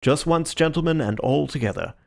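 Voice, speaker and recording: A man voicing a calm, theatrical gentleman detective with a measured, courteous manner, in an audiobook reading. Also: fairly high pitch, creaky, voice pushed up.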